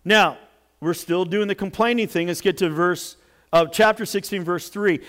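Animated high-voiced male preacher. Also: normal speed. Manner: animated, jokey preaching with sudden loud outbursts. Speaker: pastor. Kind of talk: sermon.

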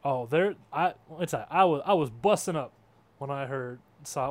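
A man's voice: medium pitch, normal speed, a little mellow. A man co-hosting a podcast in casual chat, joking and riffing playfully on words. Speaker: podcast co-host.

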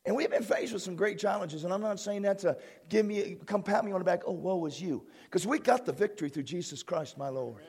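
A middle-aged man, a pastor, preaching an excitable sermon that swings between shouted declarations and hushed asides. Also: sits high, brisk, hardly any pauses, slightly rough. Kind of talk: fervent sermon. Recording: long hall reverb.

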